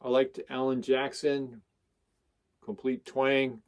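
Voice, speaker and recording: A man talking casually about his records at a mid pitch. He rambles along with enthusiasm and stops to list song titles as he goes. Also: level tone, slow pace, a little hiss or hum. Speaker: record collector vlogger. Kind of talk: casual chat showing records.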